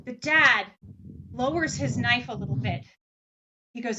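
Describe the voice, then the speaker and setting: A woman narrating as game master of a tabletop game, describing scenes with lively energy. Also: on the high side, a little slow, slight background noise. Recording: slightly dull lo-fi sound.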